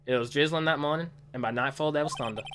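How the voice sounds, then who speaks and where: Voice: medium pitch, noisy background, natural voice. A streamer putting on a drawling cowboy detective. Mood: laid-back. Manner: slow put-on cowboy drawl. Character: drawling cowboy male detective, laid-back. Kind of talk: reading game dialogue aloud.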